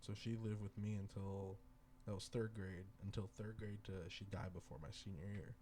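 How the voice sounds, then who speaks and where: A young man co-hosting a podcast, talking in a laid-back, slangy way and getting animated when he tells stories. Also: on the low side, normal speed, slight background noise. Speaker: podcast co-host. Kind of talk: casual chat.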